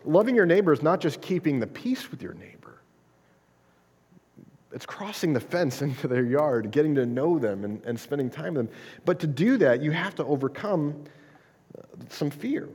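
A fairly high-voiced man preaches to his congregation, talking it through casually, restarting his words and tossing in "right?" as he goes. His voice rings out with a long hall reverb, as if from a church sanctuary. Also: lively intonation, moderate pace, a little mellow, slightly rough. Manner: conversational preaching with frequent restarts and "right?" asides. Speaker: pastor. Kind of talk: sermon.

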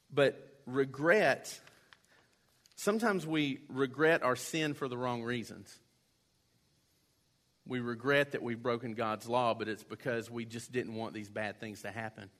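A man's voice: medium pitch, unhurried, a bit bright. Conversational male preacher. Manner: conversational, acts out quoted voices. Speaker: pastor. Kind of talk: sermon.

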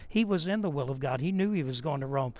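A man's voice: on the high side, expressive, fast, darkish tone, big-room sound. A middle-aged man preaching a sermon, a pastor who tells a story with energy and acts out prayers and conversations.

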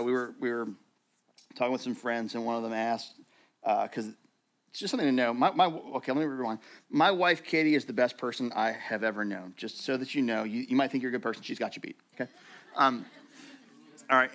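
A man preaching a sermon to his church in a conversational, animated way, acting out quoted voices. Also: medium pitch, brisk. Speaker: pastor.

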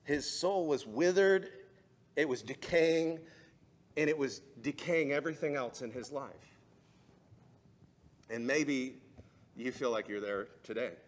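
A man's voice: medium pitch, measured pace, pauses often. A man, a pastor, preaching a sermon and telling a personal story, building up to fervent preaching.

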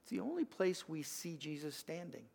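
An older man preaching a sermon as pastor, earnest, swinging from loud emphasis to a hushed, gentle invitation. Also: fairly high pitch, big pitch swings, normal speed, creaky. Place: church sanctuary.

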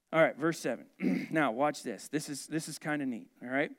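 Speaking briskly with few pauses, this pastor has a fairly high male voice. His sermon feels like a conversation, full of questions for the congregation and funny side comments.

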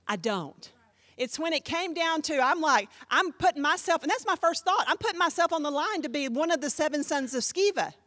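Woman pastor teaching a class: high-pitched, chatty, emphatic teller with a dry sound. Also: fairly quick, dry recording. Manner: animated, emphatic, conversational with many fillers.

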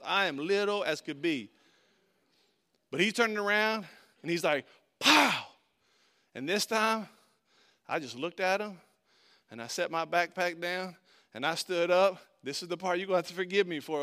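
A middle-aged man preaching a sermon, telling a personal story with lively swings from quiet to shouting. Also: high voice, clear, resonant tone. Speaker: pastor.

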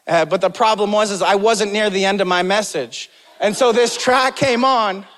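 High-voiced pastor preaching in a reverberant hall. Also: male voice, normal speed, fairly bright tone. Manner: emphatic, repeats key phrases, asks congregation to respond. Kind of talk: sermon.

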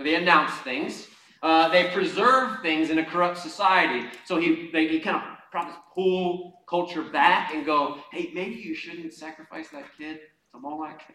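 A male pastor preaching a sermon to his congregation, impassioned and conversational, swinging from loud urging to quiet asides and calling on the room to answer. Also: on the high side. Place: church hall before a congregation. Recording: echoey hall, mic at a distance.

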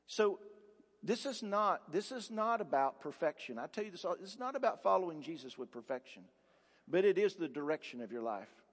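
High-voiced emphatic man preaching. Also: lively intonation, normal speed. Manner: emphatic preaching, rhetorical questions, repeats words for force. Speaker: pastor. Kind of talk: sermon. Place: church sanctuary. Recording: long reverb of a large church hall.

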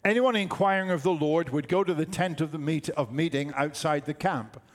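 A man's voice: fairly high pitch, normal speed. An older man preaching a sermon, emphatic and repeating his key phrases. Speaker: pastor.

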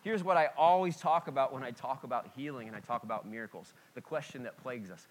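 A man preaching a conversational sermon as a pastor, candid and self-deprecating, with sudden swings between loud and quiet. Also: medium pitch, quick pace, few pauses. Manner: lively, sudden swings in loudness.

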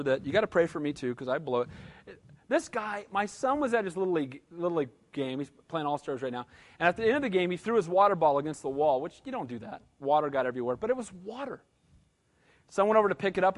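High-voiced preaching pastor, man. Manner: conversational preaching with asides and audience prompts. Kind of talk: sermon.

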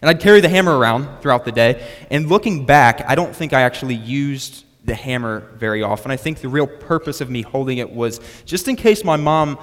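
A man's voice: mid-range voice, expressive, brisk, hardly any pauses, a bit bright. A young man preaching a sermon that is built around a personal story, with a storytelling manner and frequent restarts on his words. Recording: long reverb of a hall.

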